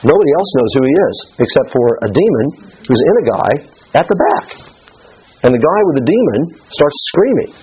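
A man's voice: on the high side, sing-song, a little fast, breathy edge. A middle-aged man teaching a Bible study lesson in a conversational way, often checking in with his listeners, in a slightly muffled recording.

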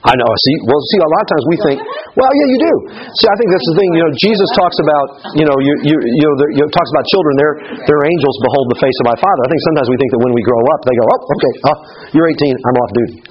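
A man's voice: fairly high pitch, very fast, hardly any pauses, muffled recording. A man preaching a sermon as pastor, telling a scripture story with humor and acting out the people in it.

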